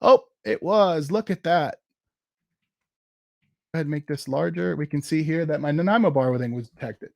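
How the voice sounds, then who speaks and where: A man giving a casual live software demo at a tech meetup, thinking aloud as he types commands. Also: on the high side, normal speed, gravelly, long pauses, no room sound, studio quality.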